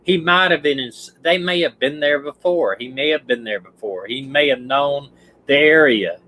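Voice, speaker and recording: A man's voice: mid-range voice, normal speed, bright, forceful tone, a little hiss or hum, poor audio. Rambling Southern man discussing a case. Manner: rambling, restarts sentences, stumbles over words. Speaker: retired detective host. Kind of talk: casual case discussion on a livestream.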